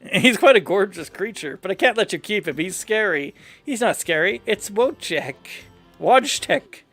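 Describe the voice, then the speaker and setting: A man's voice: high-pitched, expressive, normal speed, fairly bright tone, faint music behind. A man casually playing through a story game, playfully reading every character's dialogue aloud in his own voice. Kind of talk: casual game playthrough commentary.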